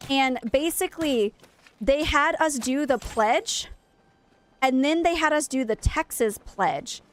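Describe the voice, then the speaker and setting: A woman's voice: high voice, slow. A woman in her thirties from Maine, chatting casually and animatedly with her viewers while she plays a game on stream. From Maine, United States. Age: 30s. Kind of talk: casual livestream chat while gaming.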